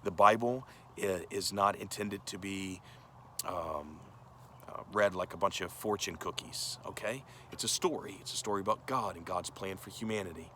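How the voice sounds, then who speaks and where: A man's voice: deep voice, moderate pace, bright, forceful tone, slight background noise. A male pastor giving a conversational sermon, earnest and direct, often asking the listeners questions.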